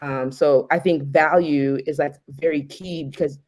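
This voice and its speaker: A woman's voice: low-pitched, fairly even intonation, measured pace, darkish tone. A young woman speaking as a guest on a talk show, reasoning her point and checking in often. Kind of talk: casual chat.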